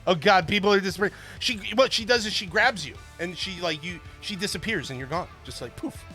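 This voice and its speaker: A male stream host rambles and jokes with his viewers in a loose, casual way. His voice sits high and sounds bright and forward. Faint music plays underneath. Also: brisk. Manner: rambling, jokey, chatting with viewers. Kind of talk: casual livestream chat.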